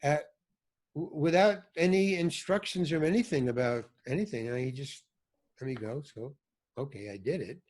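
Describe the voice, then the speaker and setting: Older actor-director guest, slightly high voice, rambling and self-interrupting storyteller. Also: male voice, normal speed, a little mellow. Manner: rambling, self-interrupting, loses his thread.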